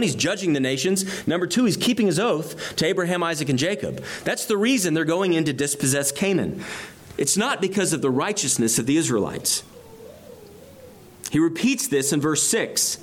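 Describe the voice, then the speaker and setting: A man preaching an expository sermon, reading scripture aloud and explaining it verse by verse with rising emphasis on key phrases. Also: a little high. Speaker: pastor.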